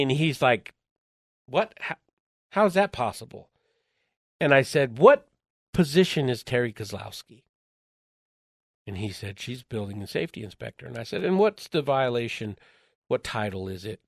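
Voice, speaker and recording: A man tells a story in an interview, animated and full of energy, acting out the voices of the people in it. He chuckles along the way. His voice sits at an ordinary middle pitch and sounds close and dry, with no room echo. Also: normal speed, creaky, long pauses. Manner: chuckles while telling the story. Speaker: interview guest. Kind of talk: telling a story in conversation.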